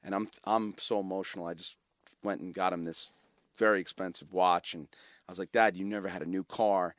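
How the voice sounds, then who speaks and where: Guest spot: middle-aged New York man, low voice, dry close sound, animated storyteller. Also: fairly quick, no echo. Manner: animated, repeats words, many fillers. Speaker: guest, company founder and CEO. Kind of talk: emotional storytelling in conversation.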